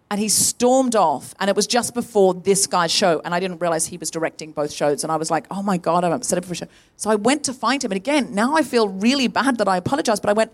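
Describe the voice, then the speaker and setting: A woman hosting a live comedy podcast on stage, telling a story with lively energy and acting out the people she quotes. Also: medium pitch, fast talker, few pauses. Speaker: podcast host. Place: on stage in a tent before a live audience.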